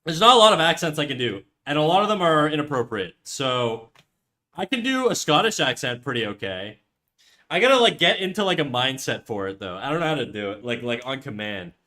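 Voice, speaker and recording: A man's voice: medium pitch, very animated, fairly quick, bright, forceful tone. A man chatting casually on a live stream, rambling, self-deprecating and swearing freely. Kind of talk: casual livestream chat.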